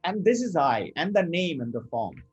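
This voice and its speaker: A middle-aged man teaching Vedanta, telling a story in an animated way and acting out the characters' lines. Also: a little high, moderate pace, husky, muffled recording, soft background music. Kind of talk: spiritual talk with storytelling.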